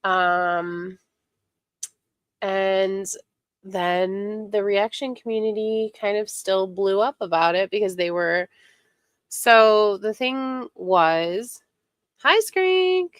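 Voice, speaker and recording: A woman's voice: medium pitch, fairly bright tone, smooth, no echo, studio quality. A woman hosting a casual livestream chat, congested from a head cold, greeting viewers by name as she rambles along with fillers. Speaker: livestream host.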